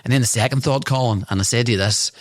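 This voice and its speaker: A man co-hosting a podcast, telling a story in an animated, teasing way. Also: medium pitch, fast, no echo, studio quality. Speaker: podcast co-host. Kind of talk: casual chat.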